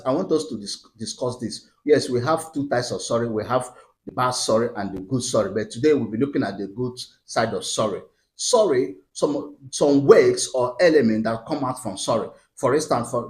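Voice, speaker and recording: A man hosting his own channel, giving preachy marriage advice with repeated phrases and rhetorical questions. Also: medium pitch. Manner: Christian framing of marriage. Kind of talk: preachy advice talk to camera.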